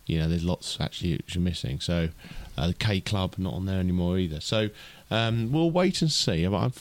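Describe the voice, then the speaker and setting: A man's voice: deep voice, expressive, moderate pace, no echo. A man co-hosting a casual podcast chat, rambling with lots of restarts. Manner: chatty, lots of fillers and restarts. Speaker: podcast co-host.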